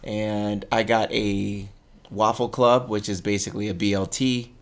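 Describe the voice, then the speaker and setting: Man, podcast co-host, lower voice, easygoing rambling chat. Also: unhurried. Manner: relaxed, rambling, laughs often. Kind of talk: casual chat.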